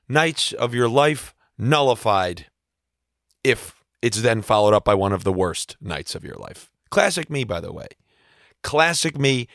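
A man hosting a podcast in casual chat, his voice hoarse and husky from shouting, talking in a wry, self-deprecating way. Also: medium pitch, no room sound, clean studio sound. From East Coast United States. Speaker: podcast host.

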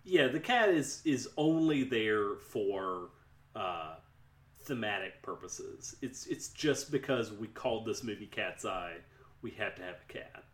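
A man casually retelling a film's plot to a friend in a relaxed, dry way. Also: on the low side, unhurried. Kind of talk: casual movie review chat.

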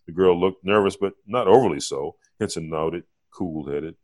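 A man, an author, giving a measured, vivid reading of his own fiction chapter. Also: low-pitched, darkish tone.

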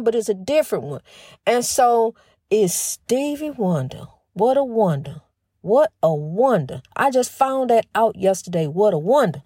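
Woman, middle-aged, talk show host, fast speech, slight stutter, folksy "honey", higher voice, dry close sound. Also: a little mellow, no echo. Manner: fast talker with a slight stutter, restarts often; folksy and emphatic, says "honey" often. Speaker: host of a faith-based talk program. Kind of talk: casual spiritual monologue.

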